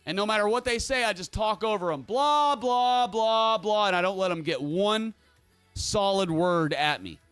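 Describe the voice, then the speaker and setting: A man's voice: high-pitched, normal speed, a bit bright, clean tone, dry recording, soft background music. A man hosting his own livestream, talking casually in a rambling, emphatic way while reading chat messages aloud. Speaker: livestream host.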